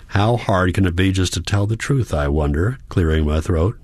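Man, very deep voice, calm measured audiobook narration, dry close sound. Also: no room sound. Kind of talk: audiobook narration, first person.

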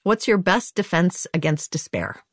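A woman's voice: fairly low pitch, very animated, moderate pace, no echo, studio quality. A middle-aged woman hosting an interview, attentive and encouraging with short affirmations. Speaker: podcast host.

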